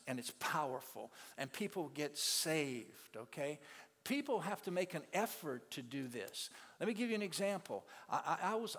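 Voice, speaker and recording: A man, somewhat high-pitched, tells his testimony to a church audience. He is an earnest storyteller who stumbles and repeats his words. His voice rings with a long reverb through the auditorium. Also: fairly bright tone. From South Louisiana. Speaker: ministry teacher.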